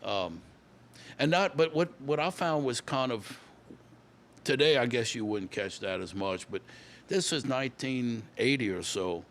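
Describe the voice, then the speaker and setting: A man's voice: mid-range voice, animated, unhurried, slight background noise. A man, telling stories as a guest in a casual interview, often repeating and restarting words. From Louisiana. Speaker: guest musician.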